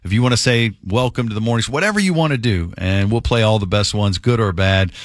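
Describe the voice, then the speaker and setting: Brash morning radio host. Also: male voice, lowish voice, fast, no echo, clean studio sound. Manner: brash, jokey, upbeat. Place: radio studio. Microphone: studio microphone.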